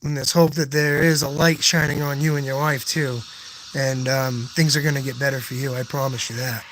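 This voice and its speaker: A man's voice: mid-range voice, level tone, brisk, a bit bright, slight background noise. A man hosting a live stream, rambling as he answers chat comments one by one and thanking his viewers again and again in a casual, earnest way.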